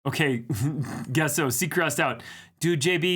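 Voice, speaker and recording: At a measured pace, a livestream host with a high-leaning, slightly bright voice chats informally. He greets viewers and jokingly teases them as he reads their comments.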